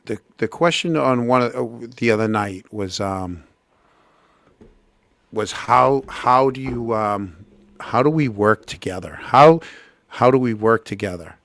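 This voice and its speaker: A man hosting a casual livestream, talking in a halting way with many restarts. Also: medium pitch, vocal fry, a bit bright. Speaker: host.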